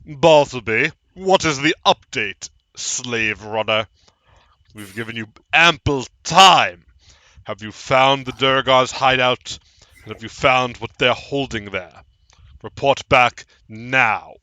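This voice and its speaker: A man's voice: medium pitch, takes it slowly, sharp tone, dry recording. A man voicing a menacing male slaver boss who snaps out threats and orders. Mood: demanding. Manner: barking, threatening.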